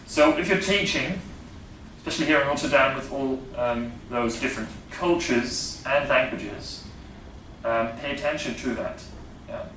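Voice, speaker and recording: A Dutch-accented man lectures a class on phonetics, working through it step by step with lots of fillers and frequent checks of "yeah?". His medium-pitched voice has a sharp tone and a measured pace. It's recorded from a distance in an echoey lecture room, with a little hiss or hum.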